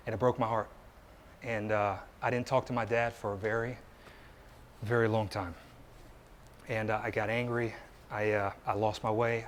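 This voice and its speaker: A man's voice: mid-range voice, a little hiss or hum. A man in his thirties gives a personal story speech to a live audience at an indoor meetup, earnest and conversational, asking the crowd rhetorical questions. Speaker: motivational speaker.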